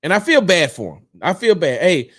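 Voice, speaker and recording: A man hosting a casual sports talk stream, riffing on games in an animated way and repeating his points for emphasis. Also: high voice, normal speed. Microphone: streaming setup, close mic.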